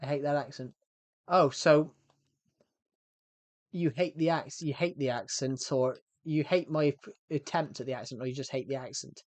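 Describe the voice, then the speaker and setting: A man's voice: medium pitch, moderate pace, long pauses, dry recording. A man chatting casually on a game livestream in a rambling, self-correcting way. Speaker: game streamer.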